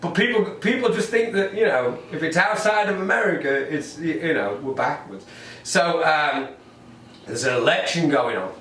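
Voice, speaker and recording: A man's voice: on the high side, lively intonation, moderate pace, a bit bright, far from the mic, a little hiss or hum. A man with an English accent performing a stand-up comedy routine, ranting with frequent ums and repeated words. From England. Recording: roomy echo, off-mic, faint ambience.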